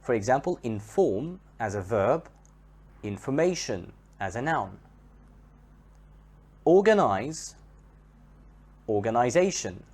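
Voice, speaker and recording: A male English teacher whose first language is Arabic gives a patient grammar lesson. He spells suffixes out letter by letter and says each example word twice. His pitch rises and falls a lot, and he keeps an unhurried, deliberate pace. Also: sing-song, a little mellow, slightly rough. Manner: spells out letters and repeats words for stress. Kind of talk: slow, careful grammar lesson.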